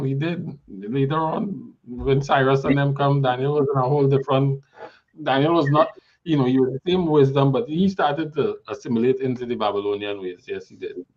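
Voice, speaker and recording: A man's voice: mid-range voice, darkish tone. Man chatting in a dull lo-fi recording. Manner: laughs often, mimics people while telling stories. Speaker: discussion panelist. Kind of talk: casual group Bible discussion.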